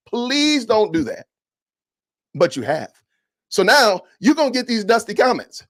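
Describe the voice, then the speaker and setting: Animated, high-pitched ranting man. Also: unhurried. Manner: animated, indignant ranting, preachy. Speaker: podcast host. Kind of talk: livestream commentary reading comments.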